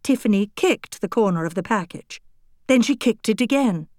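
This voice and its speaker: A woman reading a children's storybook aloud in a gentle, expressive manner. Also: medium pitch, moderate pace, no room sound, studio quality. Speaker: audiobook reader. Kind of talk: storybook narration.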